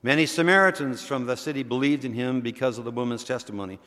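A man reading a gospel passage aloud in a measured, deliberate way during a church service. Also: mid-range voice, fairly bright tone, long reverb tail. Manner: measured, slow emphatic reading. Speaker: scripture reader.

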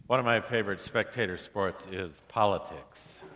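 A man's voice: fairly low pitch, moderate pace, a bit bright, a little hiss or hum. A male pastor preaching a sermon in a chatty, conversational way, often asking the congregation questions. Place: church sanctuary. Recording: long hall reverb in a church.

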